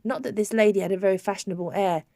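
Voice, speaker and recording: A woman narrates a novel in a measured, even storytelling manner, at a middle pitch. Her voice is close and dry, with no room sound. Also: gravelly, no echo. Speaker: audiobook narrator. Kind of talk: scripted narration.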